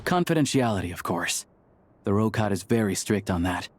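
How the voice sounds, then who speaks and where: A man's voice: on the low side, expressive, moderate pace, slight background noise, lightly acted. An actor playing a friendly young male theater worker in a video game, easygoing and persuasive.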